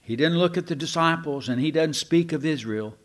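A man preaching a sermon, slow and emphatic, asking rhetorical questions and sometimes restarting mid-phrase. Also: a little high.

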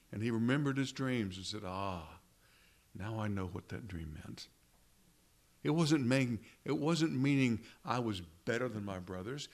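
Earnest male preacher, repeating phrases. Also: mid-range voice. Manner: earnest, rhetorical questions, repeats phrases for emphasis. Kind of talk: sermon.

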